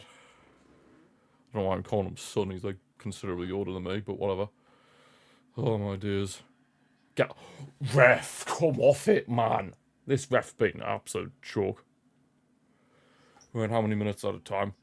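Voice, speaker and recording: A man's voice: lowish voice, steady tone, normal speed, creaky, pauses often, darkish tone. A young man hosting a football watchalong stream, anxious and pleading as he comments on the match live.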